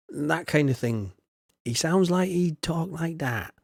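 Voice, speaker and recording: A man's voice: fairly high pitch, expressive, slow pace, gravelly, a little mellow, no echo. A man chatting casually while streaming a farming game, rambling and mocking himself. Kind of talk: casual gameplay chat.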